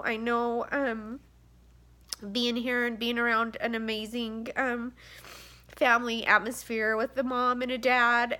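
In a fairly high, bright and forceful voice, an exhausted vlogger in her thirties, mother to seven, confesses to the camera on the verge of tears. Her talk rambles, punctuated by sighs and fillers.

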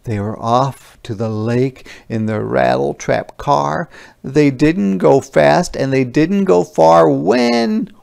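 A man reading a picture book aloud to young children as a teacher, pausing to explain words gently. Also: medium pitch, gravelly, smooth.

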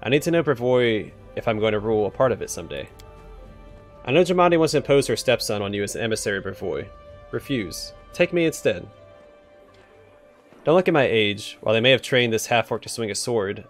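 A man's voice: lowish voice, animated, a little fast, soft background music. A man reading as a self-assured young noble heir. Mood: persuasive.

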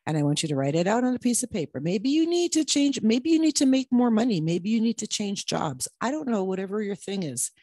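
Midlife mindset coach, woman in her 50s, mid-pitched, profane and blunt, tough love straight to camera. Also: big pitch swings, a little fast, few pauses, warm tone, no room sound, clean studio sound. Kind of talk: casual direct-to-camera pep talk.

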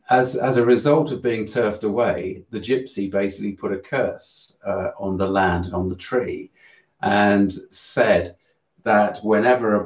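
A man telling a spiritual story in a live Q&A, earnest and animated, often restarting his sentences. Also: lowish voice. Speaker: host of a spiritual channel. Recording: roomy echo.

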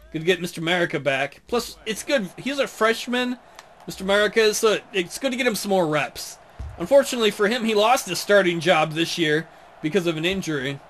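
A man's voice: high voice, a bit bright, slight background noise. A man giving casual, jokey commentary over a football video game, often laughing.

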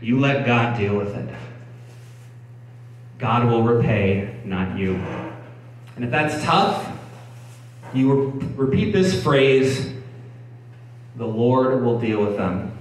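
Speaking slowly and expressively with long pauses, this medium-pitched male preacher works through a scripture passage. He talks conversationally, often restarting and repeating himself. The church hall is echoey, and the distant mic picks up a faint background hum.

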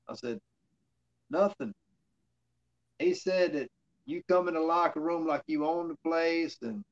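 This man, once a wrestler, spins long, meandering interview stories padded with fillers, voicing the lines others spoke to him. His voice sits on the high side, and the recording is muffled.

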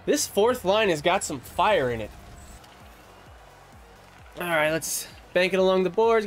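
A young man giving excited, fast play-by-play commentary over his own hockey video game as a gaming YouTuber. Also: high-pitched. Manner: animated, fast play-by-play with yelps and laughs. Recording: background music under voice.

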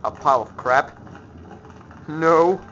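Very slow, bright-voiced goofy gamer man. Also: on the high side, soft background music. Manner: goofy, humming and shouting at enemies. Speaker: let's play host. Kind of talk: casual gameplay commentary. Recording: slightly muffled lo-fi recording.

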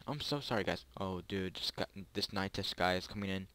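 A young man, maybe a teenager, giving chatty, rambling gameplay commentary to his viewers, with excited yelps and pleading during close calls. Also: deep voice, fairly quick, hardly any pauses. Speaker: gaming YouTuber.

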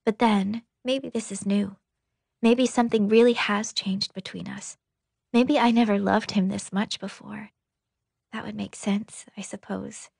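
A woman narrating a novel in an intimate, breathy, half-whispered audiobook reading. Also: medium pitch, steady tone, a little slow, darkish tone, no echo, clean studio sound.

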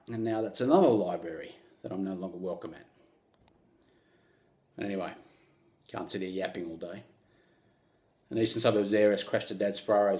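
A man's voice: on the low side, a little mellow. A man with an Australian accent delivering a satirical comedy monologue in a dry, mock-earnest manner. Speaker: comedic host. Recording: roomy echo.

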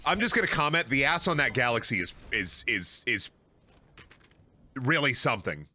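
Animated ranting man streaming a game. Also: mid-range voice, normal speed. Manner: animated, ranting, swears a lot. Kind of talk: casual gaming stream chat.

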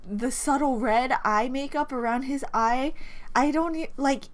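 A woman's voice: high voice, measured pace. A young woman gushing through a reaction video, with lots of repeated exclamations and half-finished words. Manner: gushing, breaks off mid-word, repeats exclamations. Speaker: reaction vlogger. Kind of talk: excited reaction commentary. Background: faint music from the video.

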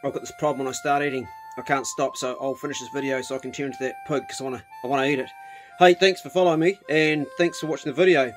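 A man's voice: mid-range voice, steady tone, fast talker, music in the background. A man, talking in a casual vlog on a rural farm, coaxing and commanding his dogs and ducks. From New Zealand. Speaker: vlogger.

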